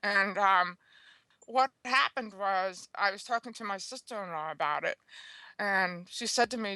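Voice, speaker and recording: A woman's voice: medium pitch, expressive, a little slow, pushed and bright, no echo. A woman guest author telling a personal story in an interview, earnest and chatty, often checking in with the listener. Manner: chatty, earnest, checks in with "okay?" and "you know".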